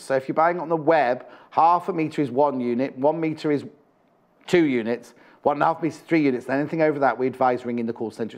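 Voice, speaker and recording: A man hosts a live home shopping broadcast from a TV studio, selling fabric in a chatty, teasing way. His voice sits a little high for a man, and he keeps up a running patter of prices and jokes. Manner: chatty, jokey, teasing asides. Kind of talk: live TV sales chat.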